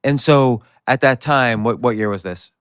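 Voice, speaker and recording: A man's voice: medium pitch, moderate pace, clean tone, no room sound, clean studio sound. A man hosting a podcast, asking curious questions in casual interview talk, often restarting mid-sentence.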